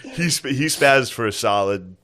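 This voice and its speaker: A man tells rowdy family stories on a comedy podcast. His pitch swings widely as he jumps into relatives' voices, swearing freely and breaking into laughter. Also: normal speed. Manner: animated, swearing, laughs often, acts out family members. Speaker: podcast co-host. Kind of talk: casual comedic storytelling.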